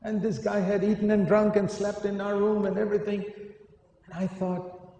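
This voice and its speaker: A man's voice: sits high, flat delivery, normal speed, dark tone. A man preaching a sermon, earnest and emphatic, often asking his listeners questions. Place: large hall. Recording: echoey hall, faint noise.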